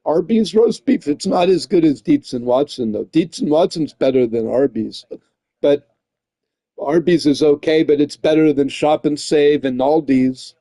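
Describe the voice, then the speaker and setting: A slightly high-voiced man rambles in a loose, profane chat, tossing in "man" and "dude" between thoughts. His tone is mellow and dark rather than bright. The recording is close and dry, with no room sound. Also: measured pace, no echo. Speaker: gaming streamer.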